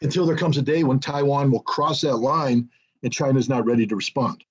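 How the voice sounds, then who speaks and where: A man's voice: medium pitch, steady tone, brisk, husky, dull audio. An older man giving blunt, sarcastic political commentary as an interview guest over a video call, with many ums and restarts.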